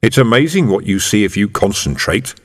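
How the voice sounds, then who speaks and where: Vimes, a man playing a dry, gruff police sergeant. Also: on the low side, expressive, fairly quick. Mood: musing. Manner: dry, mock-official copper talk. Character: gruff streetwise middle-aged male police sergeant. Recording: reverberant room.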